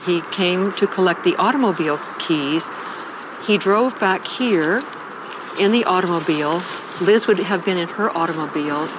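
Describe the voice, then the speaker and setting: A woman putting on a prim, fussy middle-aged teacher who talks slowly in stiff formal phrases. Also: lowish voice, recorded from a distance, background noise, voice pushed down, close to an everyday voice. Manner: slow, precise, overly formal wording.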